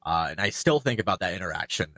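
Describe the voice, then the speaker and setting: A longtime YouTuber, a man, speaking in a reflective, halting way with many fillers and restarts as he gets emotional. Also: low voice, expressive, pushed and bright, dry recording. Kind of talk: reflective personal talk.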